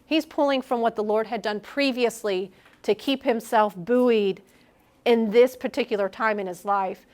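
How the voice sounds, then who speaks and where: A middle-aged woman preaches to a young adults group in a candid, conversational way. She slips into little acted-out versions of her own inner voice as she talks. Her voice sits a bit high for a woman. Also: moderate pace, darkish tone. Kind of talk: sermon.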